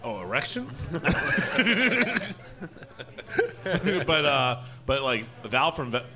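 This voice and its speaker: A man, co-owner of a brewery, chatting casually on a podcast with lots of restarts and animated retellings. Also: mid-range voice, unhurried. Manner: rambling, many restarts, animated when retelling stories.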